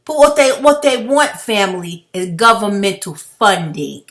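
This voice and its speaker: A woman's voice: medium pitch, expressive, unhurried, fairly bright tone. A woman delivering a heated, blunt, profane commentary rant straight to her viewers, calling them family. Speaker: video blogger.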